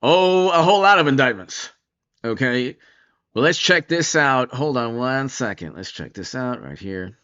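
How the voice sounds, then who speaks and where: A man's voice: medium pitch, expressive, unhurried, pushed and bright, dull audio. A man hosting a casual political commentary show, talking in a rambling way with many restarts and asides.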